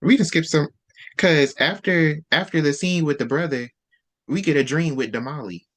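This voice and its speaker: A man hosting a casual book discussion, retelling scenes with lively voiced-out quotes. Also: a little high, normal speed. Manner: animated storytelling, acts out character lines.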